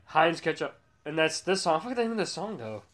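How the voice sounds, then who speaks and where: A man's voice: fairly high pitch, sing-song, fast talker, fairly bright tone. A man hosting a laid-back chat about commercials, with loose, trailing sentences. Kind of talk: casual chat reviewing ads.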